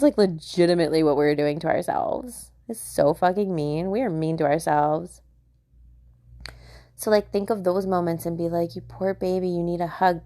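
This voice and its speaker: Chatty young woman podcaster, lowish voice. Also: dark tone. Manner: chatty, filler-heavy, swearing, laughing often. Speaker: podcast host. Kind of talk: casual self-help podcast monologue.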